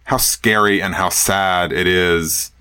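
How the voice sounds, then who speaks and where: A man co-hosting a podcast, chatting casually about a classic film, animated and laughing, with frequent restarts. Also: low voice, takes it slowly, smooth. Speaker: podcast co-host.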